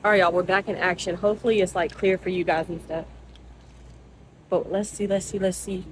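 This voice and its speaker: A young woman talks a little fast in a fairly low voice, with some hiss or hum over the poor audio. Her casual vlog moves between her car and a convenience store, and she's lively and expressive, swearing and ranting throughout.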